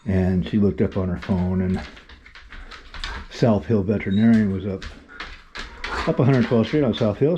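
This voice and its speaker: A man telling a casual vlog story in a rambling, halting way, with many restarts. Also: lo-fi sound, slight background noise. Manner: talks softly and higher to the dogs. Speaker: vlogger.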